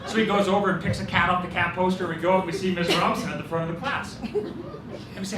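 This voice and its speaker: A man's voice: high-pitched, fast talker. A man, giving a best man's wedding speech and telling jokey stories that he laughs through, turning earnest when he praises his friend. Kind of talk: wedding toast storytelling. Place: reception hall with guests. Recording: roomy, distant, loud room noise.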